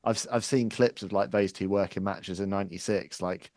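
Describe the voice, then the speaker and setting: A man's voice: deep voice, fairly even intonation, brisk, a little mellow, no echo, studio quality. A man hosting a podcast, asking detailed and curious interview questions. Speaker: podcast host.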